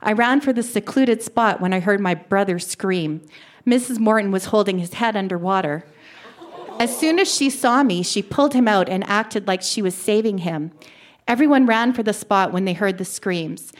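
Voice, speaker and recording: A woman's voice: mid-range voice, normal speed. Woman reading a childhood story aloud. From Canada. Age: adult. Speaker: reader of her childhood story. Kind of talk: live reading to an audience. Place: live venue.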